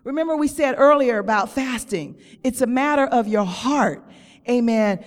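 In a church, a woman preaches a sermon on the verge of tears, slowly drawing out her words with emphasis and engaging the congregation in call-and-response. Her voice is on the high side, with a long reverb tail.

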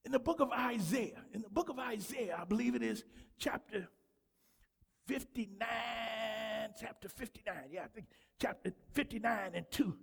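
A man preaching a sermon to a church congregation, fervent and repetitive, often breaking into shouts. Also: high-pitched, moderate pace, creaky, husky. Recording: long hall reverb.

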